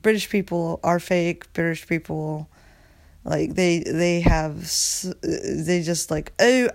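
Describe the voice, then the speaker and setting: A woman's voice: fairly low pitch, a little mellow. A woman hosting a solo podcast, ranting casually in a rambling way, swearing often and full of filler words. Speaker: podcast host.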